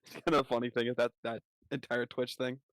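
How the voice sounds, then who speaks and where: Male streamer host, playful and laughing, mid-pitched voice, dry close recording. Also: flat delivery, quick pace, fairly bright tone, dry recording. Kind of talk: casual chat on a live stream.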